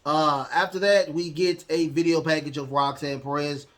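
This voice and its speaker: A man on a podcast goes over wrestling matches, wandering off track, filling gaps with ums and uhs, and performing the quotes. His voice runs on the high side, somewhat bright, with fairly even intonation at a moderate pace.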